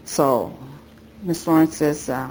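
Older soft-spoken woman telling memories. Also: low-pitched, takes it slowly, low-quality recording. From United States. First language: Japanese. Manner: rambling storytelling, acting out remembered dialogue. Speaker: interviewee. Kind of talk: oral history recollection.

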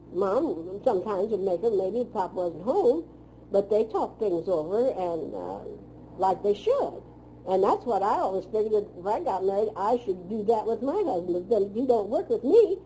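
An older woman spins long, wandering stories about her past with a frank, outspoken tongue and homely turns of phrase. Her voice sits fairly high yet sounds mellow and soft-edged, with a faint hiss of noise under it. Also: rough recording. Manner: outspoken, chatty, with folksy phrasing. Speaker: oral history interviewee. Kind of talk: rambling reminiscing storytelling.

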